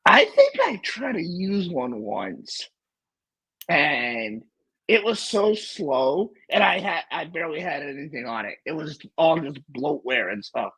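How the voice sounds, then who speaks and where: A man's voice: on the high side, very animated, unhurried, bright, forceful tone, husky, rough recording. A man hosting a casual tech livestream who talks animatedly, laughs often and trails off into restarts. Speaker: livestream host.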